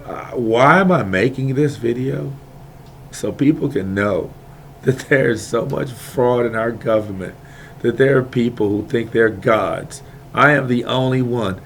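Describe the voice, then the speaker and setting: A man in an impassioned, digressive monologue, repeating himself and swinging between quiet talk and loud outbursts. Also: mid-range voice, a little slow, vocal fry, a little hiss or hum. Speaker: video maker airing grievances.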